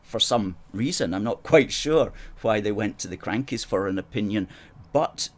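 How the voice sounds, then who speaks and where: A man hosts a live stream in a somewhat low voice, reading viewer comments aloud. He pushes each point with emphatic repetition and an opinionated edge. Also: animated, moderate pace. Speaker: host. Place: studio in Glasgow.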